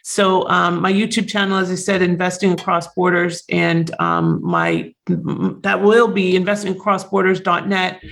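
A man guest on a podcast with a hoarse, raspy voice, talking eagerly and promoting his work over a call. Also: sits high, lively intonation, a bit bright. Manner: eager, self-promoting, talks in quick bursts. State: hoarse after illness. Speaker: podcast guest, real estate referral agent. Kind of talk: casual interview talk.

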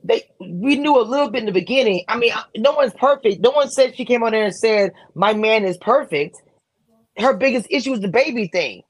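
Woman reviewer, slightly high voice, interrupting casual recap talk. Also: animated, quick pace, few pauses, husky, poor audio. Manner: cuts in with repeated hold on, defends her point. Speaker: review panelist. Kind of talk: casual show recap chat.

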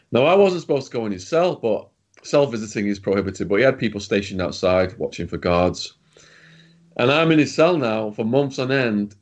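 Blunt man telling stories. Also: on the low side. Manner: blunt, swears freely. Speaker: guest, former prisoner and author. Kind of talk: casual storytelling.

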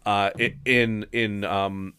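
A man's voice: fairly low pitch, flat delivery, takes it slowly, bright, forceful tone, smooth. A man co-hosting a casual podcast chat, rambling with lots of fillers and restarts and laughing often. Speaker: podcast co-host.

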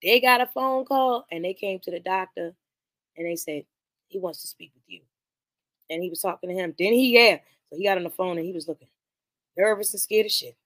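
A woman hosting a podcast, casually retelling and reviewing a film in animated, slangy speech full of profanity. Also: mid-range voice, fairly quick, no echo. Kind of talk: casual movie commentary.

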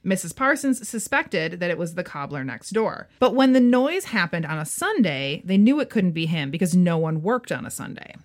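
A woman's voice: fairly low pitch, sing-song, moderate pace, few pauses. A woman co-hosting a history podcast, reading a scripted story and bantering playfully with her co-host. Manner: playful, banters and reads with emphasis. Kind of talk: scripted history narration with chat.

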